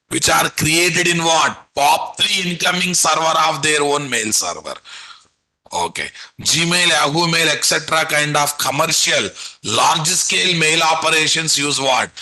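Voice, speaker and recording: Guy teaching an online class, super bright sharp voice, keeps asking the students "what?" over and over. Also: fairly high pitch, husky, low-quality recording. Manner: quizzes students with rhetorical "what?" questions; repetitive, coaxing teacherly delivery. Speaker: programming instructor. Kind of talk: live online lecture.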